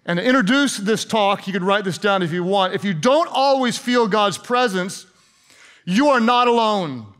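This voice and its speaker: High-voiced, sarcastic male pastor. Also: normal speed, fairly bright tone. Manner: conversational, sarcastic, repeats words while speaking. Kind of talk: sermon.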